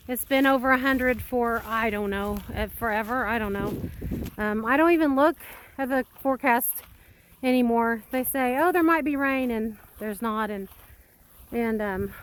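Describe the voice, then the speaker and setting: A woman with a fairly high voice talks her way around a homestead, chatty and rambling but matter-of-fact. She records outdoors on a handheld phone while giving a casual walking tour of her land and animals. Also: a little hiss or hum. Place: outdoors on a farm among animals.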